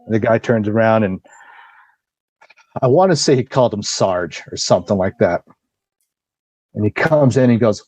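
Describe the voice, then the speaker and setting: A man's voice: on the low side, moderate pace, long pauses, dry recording, poor audio. A man on a podcast telling a long story in a casual way. He acts out what people said and swears freely. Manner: lively storyteller acting out quoted dialogue, swears freely. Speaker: podcast guest.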